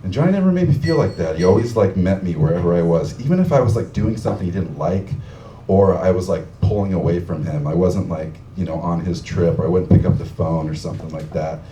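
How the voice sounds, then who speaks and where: A man's voice: deep voice, fast talker, mellow, slight background noise. A man telling a rambling, heartfelt story on stage, full of fillers. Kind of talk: live storytelling tribute. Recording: distant from the mic in an echoey room.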